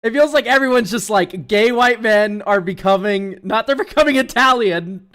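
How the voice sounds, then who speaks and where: A young man with a high voice chats casually on a stream. He rambles and jokes sarcastically, laughing often between thoughts. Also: moderate pace, fairly bright tone, clear, resonant tone. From United States. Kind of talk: casual chat.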